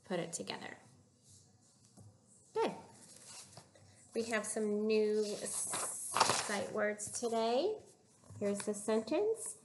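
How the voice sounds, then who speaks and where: A woman teaching a recorded phonics lesson to young children, giving slow, clear prompts with pauses for them to answer. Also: mid-range voice, animated, a little hiss or hum. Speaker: reading teacher.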